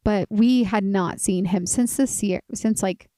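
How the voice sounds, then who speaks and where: A woman's voice: medium pitch, unhurried, no echo. A woman co-hosting a podcast in casual chat, telling a story with animation and frequent laughter. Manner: animated storytelling, laughs often, acts out quoted voices. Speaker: podcast co-host.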